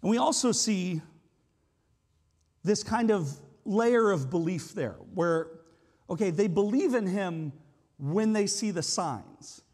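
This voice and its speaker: Animated high-voiced male preacher. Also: slow pace. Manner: conversational, explanatory, with frequent hedging asides. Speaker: pastor. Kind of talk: sermon. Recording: long hall reverb.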